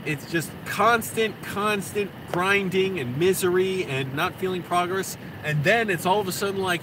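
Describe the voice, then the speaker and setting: Profane ranting man over air conditioning hum. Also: sits high. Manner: profane, rambling, quick to vent. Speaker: vlogger. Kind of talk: rambling casual monologue. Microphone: phone camera.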